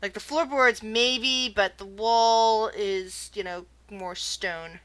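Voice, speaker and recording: Bright-voiced woman running a tabletop game. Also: medium pitch, takes it slowly. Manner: chatty, filler-heavy, loose narration. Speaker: game master.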